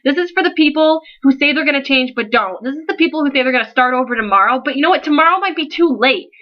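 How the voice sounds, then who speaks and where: A woman's voice: sits high, expressive, fast talker, lo-fi sound. A young woman, giving an earnest, emotional vlog speech to her followers, pleading and scolding by turns. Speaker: founder of an online support page.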